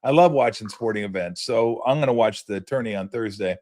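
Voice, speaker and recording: A man hosting his own sports podcast, telling a story in a casual, animated way, laughing now and then and restarting sentences with plenty of fillers. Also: on the low side, brisk. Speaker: podcast host.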